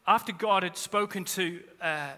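A man's voice: high-pitched, unhurried, pushed and bright. A man, a pastor, preaching a sermon in earnest, repeating key phrases for weight. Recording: long reverb of a large hall.

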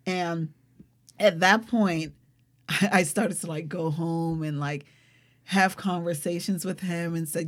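A young adult woman speaking as an interview guest, telling a personal story in an animated, expressive way and often saying "like". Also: on the low side, takes it slowly. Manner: animated, expressive, frequent fillers like "like".

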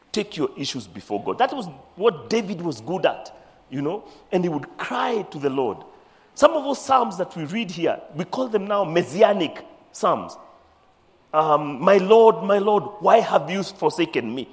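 Animated preacher in a reverberant hall. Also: male voice, fairly high pitch, moderate pace. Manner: animated, acts out scripture voices, mixes in Swahili phrases. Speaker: bishop preaching. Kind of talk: sermon.

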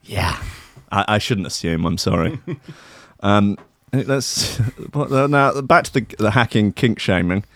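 A man in his thirties riffs crudely through casual comic chat, laughing often. His pitch leaps all over the place. The sound is dry and close. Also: expressive, a little slow, fairly bright tone, no echo. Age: 30s. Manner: crude, laughing, riffing banter.

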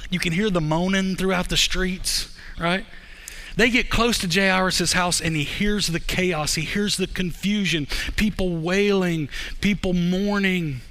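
High bright-voiced male pastor preaching. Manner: conversational storytelling, swings between fast bursts and slow emphasis. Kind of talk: sermon.

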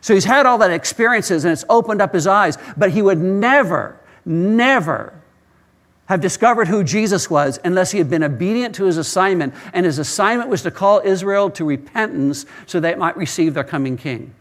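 A man's voice: high-pitched, animated, moderate pace, fairly bright tone. A male pastor preaching a sermon, telling stories earnestly and often repeating words as he starts a phrase.

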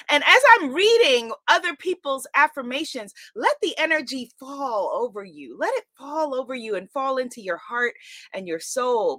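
A woman's voice: fairly high pitch, pushed and bright, no echo. A woman hosting a spiritual livestream, exuberant and affirming, reading out viewer comments and repeating phrases. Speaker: livestream host.

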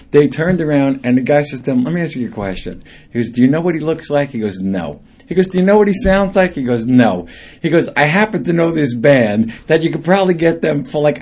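Middle-aged guy, kinda husky, spinning stories on the radio, does all the voices. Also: medium pitch. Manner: lively storyteller acting out quoted people. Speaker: lead singer, guest. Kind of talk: animated anecdote telling on radio.

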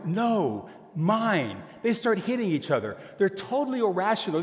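An older man preaching a sermon, telling a story and acting out both sides of a conversation in an animated way. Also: high-pitched. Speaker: pastor. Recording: long hall reverb.

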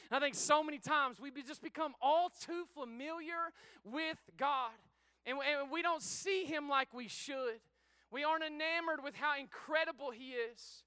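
A man preaching to his congregation with a high, bright, forceful voice. He moves between easygoing, joking talk and rousing calls for praise. The sound is close and dry. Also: dry recording. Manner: energetic, exhorting the congregation; casual and joking, says he is sweating. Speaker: pastor. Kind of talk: sermon. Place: church sanctuary before a congregation.

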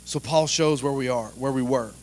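A man preaching a sermon in a lively, conversational way, joking and asking the congregation direct questions. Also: mid-range voice, moderate pace. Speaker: pastor.

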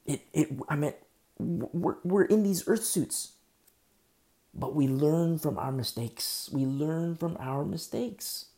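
Male pastor, sermon, gravelly voice, mellow dark tone, emphatic rhetorical questions. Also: fairly high pitch, slow pace.

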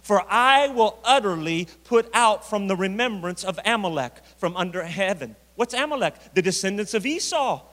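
A man preaching a sermon as pastor, building from steady teaching to loud, forceful declarations of faith. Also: high-pitched, normal speed, few pauses, big-room sound.

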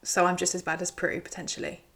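A woman talks through a recap in a casual, wry way. Her voice sits a little low and carries a noticeable gravelly fry. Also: little pitch movement, quick pace, a bit bright. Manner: chatty, wry, teasing. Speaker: show recap host.

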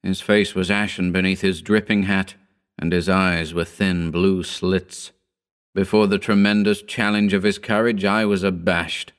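A man narrating a horror story in a slow, grave, deliberate reading. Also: sits low, steady tone, clean tone.

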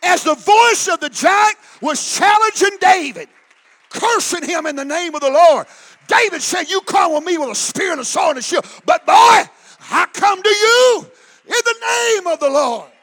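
A male pastor preaching a fiery sermon, shouting and then dropping to quiet. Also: very high-pitched, animated, normal speed. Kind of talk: Pentecostal sermon.

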